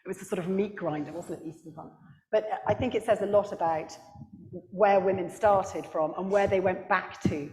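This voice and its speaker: A woman author speaking on a book festival panel, animated, with quick asides and laughter at her own stories. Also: mid-range voice. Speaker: author and historian. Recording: echoey hall with long reverb.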